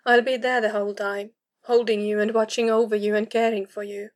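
A gently firm woman companion reassures a friend in a soft, steady voice, read by a woman. Her pitch is an ordinary middle register for a woman. The tone stays warm and protective in a storybook reading. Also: a little fast, natural voice. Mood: tender.

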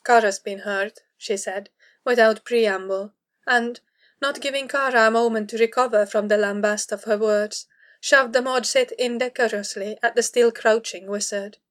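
Woman reading a story at an even pace. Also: fairly high pitch, moderate pace. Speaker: narrator. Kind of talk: audiobook reading of fan fiction.

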